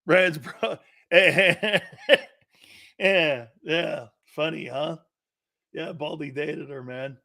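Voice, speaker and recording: A middle-aged man hosts a casual live-stream sports talk show, rambling through stories, quoting other people, and laughing a lot. His voice is fairly high, bright and forceful, with a creaky quality and drawn-out words.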